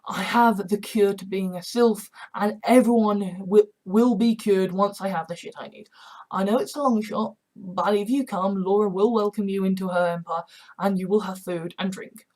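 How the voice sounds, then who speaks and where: A woman's voice: medium pitch, fairly even intonation, moderate pace, a little mellow, natural voice. A woman voicing a male eldritch abomination who rambles awkwardly and apologizes. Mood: rambling.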